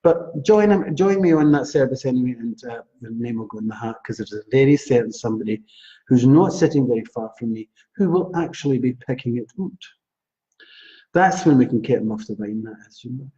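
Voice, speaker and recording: A Scottish man hosting a live psychic reading stream, chatty and animated, reading out viewers' names. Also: mid-range voice, fairly quick. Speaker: psychic astrologer host. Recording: dull lo-fi livestream audio.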